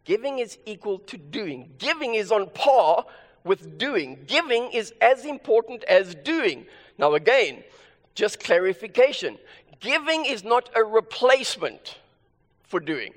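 Male pastor, high voice, emphatic sermon delivery, long hall reverb. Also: sing-song, measured pace. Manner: emphatic, repeats key phrases.

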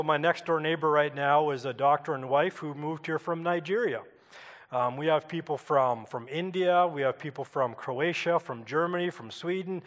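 A man's voice: on the high side, fairly bright tone, in a large hall. A Canadian man preaching a sermon in a church, telling a personal story in a conversational way and asking the congregation questions. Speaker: pastor.

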